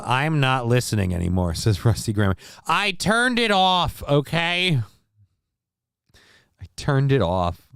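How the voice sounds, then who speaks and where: A man hosting a livestream show, talking in a casual, rambling way with frequent swearing and halting fillers. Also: sits low, creaky, clean tone, no echo, studio quality.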